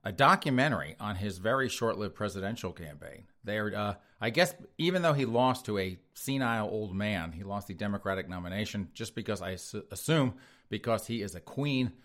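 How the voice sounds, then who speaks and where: A man's voice: fairly low pitch, lively intonation, a little fast, fairly bright tone. A man hosting a podcast, reading headlines and mocking them with sneering sarcasm, often laughing at his own jokes. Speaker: podcast host. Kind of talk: sarcastic news commentary.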